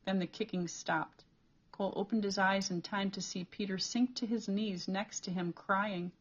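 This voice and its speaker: A woman reading a novel chapter aloud as an audiobook reader, with steady, clear storytelling. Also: mid-range voice, moderate pace, muffled recording.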